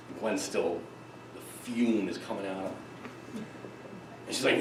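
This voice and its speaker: A middle-aged man giving a conference keynote, telling stories in an emphatic, lively way with quick asides. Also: on the low side, noisy background. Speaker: keynote speaker, psychologist. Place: conference hall. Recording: echoey hall, distant mic, faint ambience.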